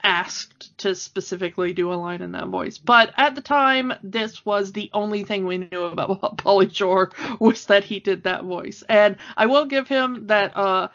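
A woman in her thirties co-hosts a podcast, chatting casually and laughing often. Her mid-range voice is a bit bright and a little slow, with hardly any pauses, and the recording has a dull lo-fi sound.

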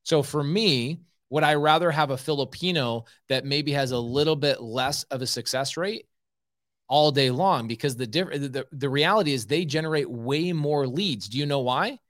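A man's voice: fairly high pitch, moderate pace, fairly bright tone. Blunt, emphatic man hosting a podcast. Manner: emphatic, blunt, repeats points for force. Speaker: podcast host and real estate coach. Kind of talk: casual live podcast talk.

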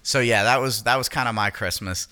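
A man's voice: mid-range voice, brisk, clear, resonant tone. A man co-hosting a casual podcast, telling a profane story and acting out other people's lines. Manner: profane, animated, acts out quotes. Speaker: podcast co-host.

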